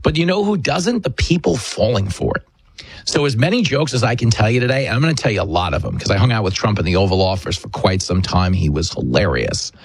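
A man's voice: on the low side, animated, quick pace, no room sound. A man hosting a talk show, delivering a combative, emphatic political commentary monologue. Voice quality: husky.

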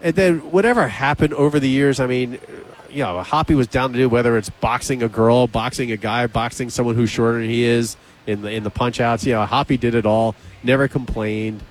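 A man hosting a radio show, telling a behind-the-scenes story in casual on-air chat, animated, acting out both sides of the conversation. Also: mid-range voice, fairly quick, hardly any pauses. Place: radio studio.

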